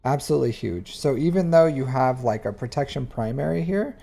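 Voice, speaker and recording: A man reviewing a player's game account on a live stream, chatty and animated, with lots of fillers. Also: mid-range voice, brisk, vocal fry. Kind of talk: casual live-stream commentary.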